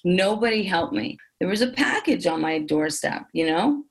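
A woman's voice: on the low side, lively intonation, moderate pace, breathy edge. Candid woman in her fifties. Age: 50s. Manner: emphatic, with many fillers and repeated phrases. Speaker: interview guest. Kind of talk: candid personal storytelling interview.

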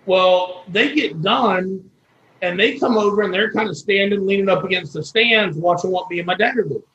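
A man's voice: sits high, moderate pace, a bit bright, echoey room, highs cut off. A man from Florida telling a long personal story as an interview guest, folksy and earnest. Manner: folksy and earnest, with quoted dialogue.

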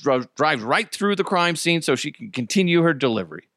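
A middle-aged man hosts a casual solo podcast, hiccuping as he tells crude jokes and stories in an animated, joking way. His voice is a little high and brisk, and the studio-quality recording has no echo.

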